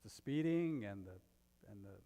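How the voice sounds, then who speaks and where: A man's voice: on the low side, lively intonation, unhurried, warm tone. A man giving a sermon with humorous, self-deprecating stories, from outside the US, speaking in a church sanctuary. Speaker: guest minister. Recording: long reverb of a hall.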